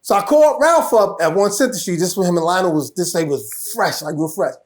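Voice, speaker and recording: A man, a guest telling a story in casual talk, animated and laughing, with many restarts. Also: sits high, fast talker.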